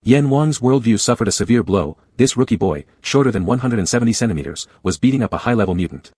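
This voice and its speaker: A man reads an audiobook in a steady, measured way. His voice is fairly low and husky, and the recording is close and dry. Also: dry recording. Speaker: audiobook narrator. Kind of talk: scripted narration.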